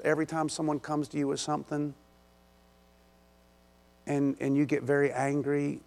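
A man's voice: a little high, gravelly. A male pastor giving a conversational, self-deprecating sermon in a church, often restarting his sentences.

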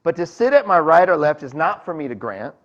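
A man's voice: fairly high pitch, big pitch swings, fairly quick, dull audio. A man preaching a sermon in a conversational way, talking to the congregation and acting out voices from the story. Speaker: pastor.

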